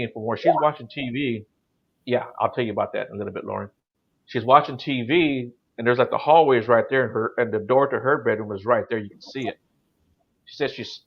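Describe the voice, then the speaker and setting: A man's voice: on the low side, highs cut off. A middle-aged man telling his paranormal experiences in a casual, rambling way, full of "you know" and "like". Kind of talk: casual storytelling on a call-in show.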